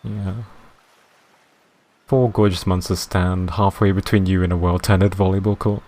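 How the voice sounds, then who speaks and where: Deep-voiced deadpan male streamer. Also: measured pace. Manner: deadpan, dry reading with chatty asides. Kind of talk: live stream game narration and chat.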